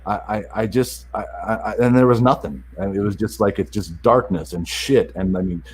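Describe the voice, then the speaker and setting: A man with a somewhat low voice tells a hard personal story as a podcast guest. He speaks earnestly and with open emotion. He keeps stumbling and restarting mid-sentence. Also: darkish tone, a little hiss or hum. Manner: earnest, halting, with frequent restarts and repeated words; openly emotional. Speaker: podcast guest, self-help author. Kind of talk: personal story told in an interview.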